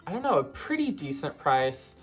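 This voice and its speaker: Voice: mid-range voice, sing-song, normal speed, soft background music. A collector hosting a casual vlog about her vintage plush toys, talking in a rambling, conversational way with lots of fillers. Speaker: vintage toy collector vlogger.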